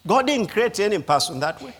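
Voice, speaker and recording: A man preaching a sermon as pastor, slow and emphatic, repeating key phrases. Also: high-pitched, sing-song, fairly bright tone, husky. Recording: reverberant hall.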